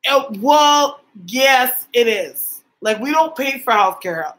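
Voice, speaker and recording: A woman's voice: high-pitched, animated, takes it slowly, fairly bright tone, rough recording. A young woman from Canada chatting casually with viewers on a livestream as a psychic medium host, reading their comments aloud.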